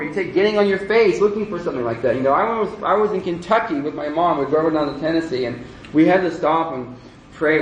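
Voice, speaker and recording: A man's voice: a little high, slight background noise. A man teaching a religious lecture to an audience, talking in a loose, conversational way with joking asides. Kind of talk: lecture with humor. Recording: roomy echoey lecture room.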